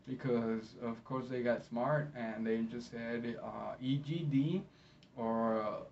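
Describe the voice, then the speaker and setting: Speaking to camera in a mid-range voice, this medical interpreter is warm and encouraging as he teaches, frequently stopping partway through sentences. His audio sounds slightly distant, dull, and lo-fi, with faint noise.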